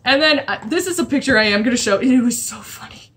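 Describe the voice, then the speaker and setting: Bright-voiced, chatty woman vlogger. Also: on the high side, expressive, fast, breathy edge. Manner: chatty and rambling, lots of fillers and restarts. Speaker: comic art vlogger. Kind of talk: casual commentary while drawing.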